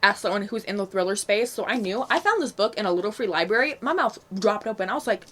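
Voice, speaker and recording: A woman's voice: medium pitch, animated, fast, a bit bright. A young woman casually reviewing books she read, chatty and frank with lots of fillers and asides. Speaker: book vlogger. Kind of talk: casual book review vlog.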